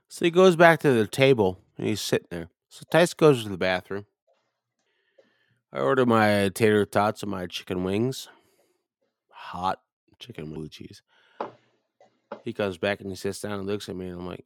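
A man's voice: lowish voice, normal speed, creaky, long pauses, no room sound, clean studio sound. A man casually telling a crude, profane story on a podcast, animatedly acting out his friends' lines.

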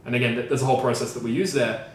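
A man's voice: mid-range voice, fairly even intonation, racing. Emphatic man in a very echoey room. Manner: emphatic and profane, with repeated phrases. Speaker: podcast co-host and coach. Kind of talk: casual podcast discussion. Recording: very echoey room, mic at a distance, faint noise.

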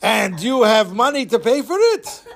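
A man's voice: very high voice, very animated, normal speed, gravelly, slight background noise, voice pushed up, exaggerated voice. A man voicing a boastful young man disguised as an old fishmonger, calling out his fish in a put-on old voice. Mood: coaxing. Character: old male fishmonger, Don in disguise, coaxing.

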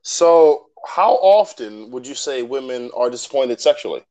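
A man's voice: mid-range voice, expressive, a little slow, darkish tone, low-quality recording. A young man co-hosting a podcast, chatting casually, joking, swearing freely and laughing often. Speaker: podcast co-host. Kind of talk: casual chat.

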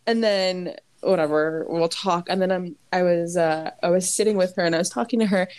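A woman's voice: on the low side, brisk, a little mellow, clean tone, no echo. Young woman rambling thru a story on a podcast, lots of likes and ums, dry close sound. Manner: rambling storytelling with many fillers and laughs. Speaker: podcast co-host. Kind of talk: casual chat.

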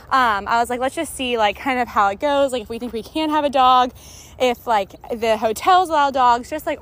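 Young woman host, high-pitched, chatty and breathless while out walking. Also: fairly bright tone. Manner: chatty, bubbly, laughs often. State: a little out of breath. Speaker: podcast host. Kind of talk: casual chat. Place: outdoors on a walk with a dog.

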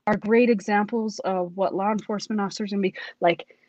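An earnest woman tells her personal story with feeling, often stopping and restarting her sentences. Her voice sits at a middle pitch. The sound is dry and a little muffled. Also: fairly even intonation, fairly quick, darkish tone, no room sound. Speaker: police academy cadet telling her story. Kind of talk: personal testimony in conversation.

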